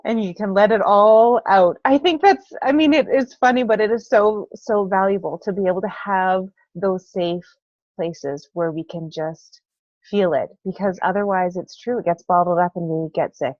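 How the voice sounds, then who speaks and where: A woman's voice: medium pitch, normal speed, a little mellow, dry recording. Woman host on dull dry audio. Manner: gracious and affirming. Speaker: host, parent coach. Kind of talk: interview conversation.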